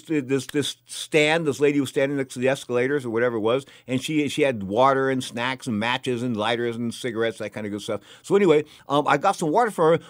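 A man's voice: brisk, hardly any pauses, no echo. Talk host, male, emphatic and rambling, dry booth sound. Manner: rambling, emphatic, gets loud and high when worked up. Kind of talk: storytelling monologue.

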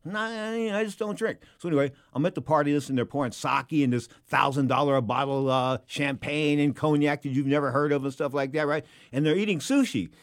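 Male boxing host, rapid rambling monologue, casual and animated. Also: medium pitch. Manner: rambling, animated, with many restarts and asides. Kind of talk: casual talk show monologue.

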